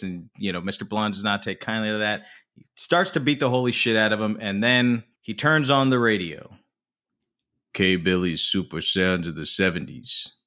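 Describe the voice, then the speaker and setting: A man co-hosting a casual film podcast, retelling a movie scene in animated detail with plenty of swearing. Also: sits low. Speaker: podcast co-host.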